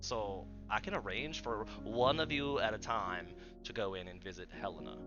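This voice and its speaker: A man voicing a huge but affable male fighter who speaks calmly and patiently. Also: fairly low pitch, normal speed, dull audio, over music, close to an everyday voice.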